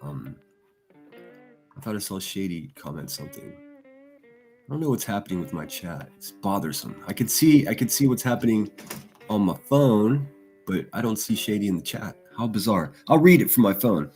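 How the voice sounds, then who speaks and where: A man's voice: on the low side, animated, normal speed, a little mellow, faint music behind. A man hosting a livestream, reading chat and mocking people with crude insults and laughter. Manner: insulting, sneering, laughs at own jokes. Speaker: livestream host.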